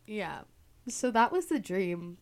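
Young woman, podcast host, casual rambling storyteller, mid-pitched voice, heavy fillers. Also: big pitch swings, slow. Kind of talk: casual chat.

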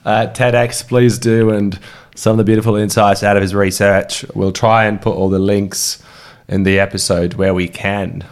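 A man hosting a podcast, talking in a friendly, relaxed way as he wraps up a conversation. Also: lowish voice, normal speed, clean tone. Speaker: podcast host.

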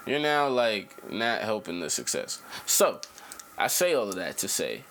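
A young man hosting a podcast in casual chat, animated, his voice jumping up when he gets excited and settling low when relaxed. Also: a little slow, slight background noise. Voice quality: low laid-back talking voice. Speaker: podcast host.

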